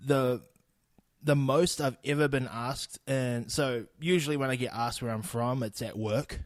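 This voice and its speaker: Young kiwi guy ranting on his podcast, swears a lot, laughs it off, mid pitch, dry close sound. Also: steady tone, measured pace, no room sound. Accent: New Zealand. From New Zealand. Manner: blunt, laughing, swears freely. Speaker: podcast host. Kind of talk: casual solo podcast monologue.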